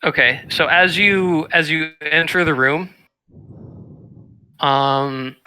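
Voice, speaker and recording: A man with a very bright, forceful voice runs a tabletop game as game master. He talks in a loose, laid-back way, hedging and trailing off with fillers as he describes the scene. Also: fairly high pitch, slow, a little hiss or hum, poor audio. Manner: laid-back, hesitant, many fillers and laughs.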